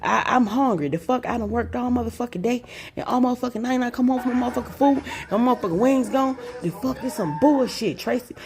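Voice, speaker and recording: A woman imitating her blustering stepfather, loud and cursing as he complains. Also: a little high, fast talker, faint music behind, pitched above the performer's own voice, lightly acted. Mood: fed up. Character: angry hungry stepfather, blustering and profane.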